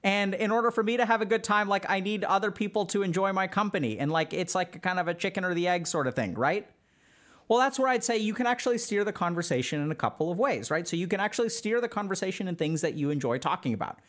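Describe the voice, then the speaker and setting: A man's voice: high-pitched, lively intonation, quick pace, a bit bright. A man giving a casual spoken lecture to his live chat, loose and conversational with lots of filler words. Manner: loose and conversational, heavy use of "like". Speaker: streamer teaching social skills.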